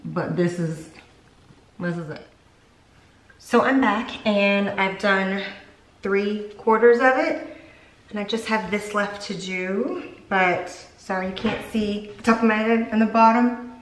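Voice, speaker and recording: A young beauty vlogger chats casually through a hair tutorial in a room at home, rambling and poking fun at herself. She has a medium-pitched voice and a slow pace. The room sounds echoey, with slight background noise.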